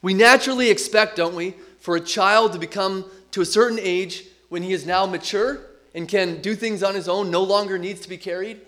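Emphatic high-voiced male preacher. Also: brisk, few pauses, fairly bright tone. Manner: earnest, emphatic preaching with repetition. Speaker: pastor. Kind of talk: sermon.

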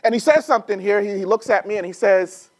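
A middle-aged man preaches a sermon in a fast, high voice, recorded dry. He begins by casually sharing a personal story, then builds into emphatic, rising preaching.

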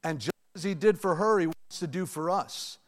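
A man preaching a sermon to his church, in a lively, conversational way with asides to the congregation. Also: sits high, moderate pace. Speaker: pastor. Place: church sanctuary. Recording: long reverb of a large hall.

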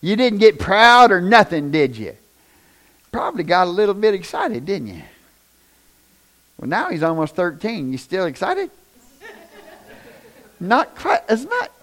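Delivering a church sermon, this middle-aged pastor uses a high voice at a slightly slow pace, leaving long pauses. His manner is animated and folksy, full of jokes, and he addresses the congregation directly.

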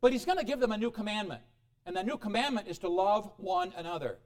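A man preaching a sermon as pastor, animated, swinging between loud exclamations and quiet asides. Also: high-pitched, fast. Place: church.

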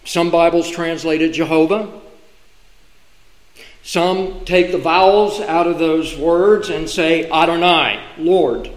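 A man preaching from the pulpit, his voice sitting high and unhurried. He spaces his words with deliberate, emphatic pauses. The sound carries the echo of a church room. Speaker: pastor. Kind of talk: sermon. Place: church sanctuary.

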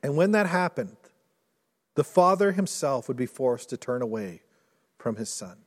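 A male pastor preaching a sermon in earnest, rising to intense storytelling and dropping low and soft. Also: very animated, moderate pace. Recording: long hall reverb.

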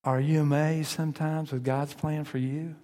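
A man delivering a sermon with a slightly high voice, talking with the congregation as much as preaching to them. He asks questions and sometimes slips into the voices of doubting listeners. His words ring out with a long reverb, as in a church hall. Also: little pitch movement, normal speed, mellow.

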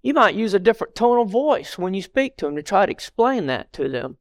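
A man's voice: sits high, sing-song, brisk, dry recording, clean studio sound. A middle-aged man giving a conversational sermon as a lay church member, earnest and plainspoken, talking directly to the congregation.

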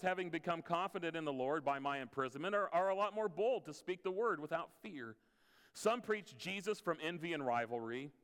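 A man's voice: high-pitched, smooth. A man preaching a conversational sermon as pastor, mixing scripture with playful asides. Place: church sanctuary. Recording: long hall reverb.

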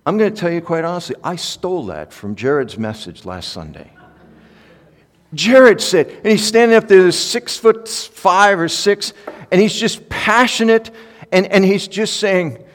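A man preaching a sermon as pastor, swinging from soft, quiet asides to loud, impassioned peaks. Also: high-pitched, sing-song, moderate pace. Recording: echoey hall with long reverb.

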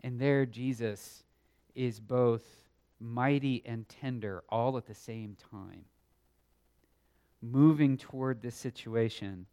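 A man teaching a Sunday school Bible lesson, earnest and emphatic, sometimes swelling loud and then dropping quiet. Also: medium pitch. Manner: thinks aloud with small restarts.

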